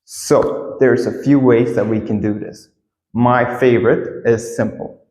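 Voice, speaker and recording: Slow-talking man teaching English phrases. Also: medium pitch, roomy sound, long reverb tail, low-quality recording. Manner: friendly, repeats example phrases with lively acted-out intonation. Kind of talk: casual spoken English lesson.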